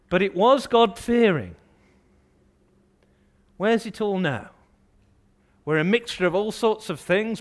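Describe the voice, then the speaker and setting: A man from England preaching a sermon, rising to loud, emphatic outbursts as he voices objections. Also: high-pitched.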